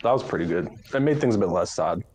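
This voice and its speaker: A man hosting a live stream, talking in a halting, deadpan, mock-mournful way with many fillers. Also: fairly low pitch, breathy edge. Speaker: streamer host.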